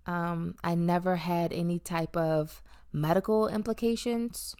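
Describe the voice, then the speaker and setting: Warm and smooth, this thirty-something woman's lowish voice moves a little slowly with fairly even intonation. She's a vlogger candidly reflecting on her weight loss, chatting with playful emphasis and lots of um fillers.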